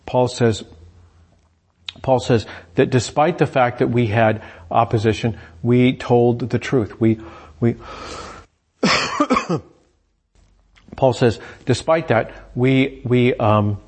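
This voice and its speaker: Husky man preaching conversationally. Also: mid-range voice, slow pace, pauses often. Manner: conversational, repeats words and restarts often while paraphrasing scripture. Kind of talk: sermon.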